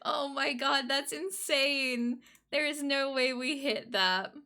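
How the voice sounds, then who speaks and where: A woman streamer chatting casually with her live chat, giggling often and getting excited. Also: high voice, slow.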